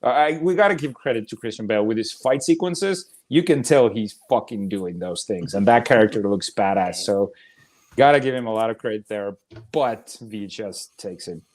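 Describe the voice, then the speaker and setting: A man from the United States co-hosting a movie debate show, speaking in an animated, casual way, swearing freely and laughing often. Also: fairly low pitch, normal speed.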